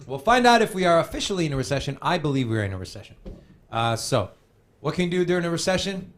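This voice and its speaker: A man's voice: on the high side, quick pace, a little hiss or hum. A man hosting a casual crypto show, joking and talking straight to viewers. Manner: animated, joking, addresses viewers as guys. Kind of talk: casual podcast banter.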